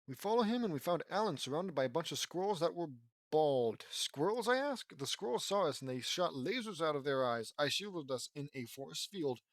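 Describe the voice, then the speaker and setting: A man's voice: a little high, expressive, a little fast, no echo, clean studio sound. Sarcastic man reading fan fiction aloud. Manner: sarcastic asides, frustrated commentary. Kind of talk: mocking audiobook reading.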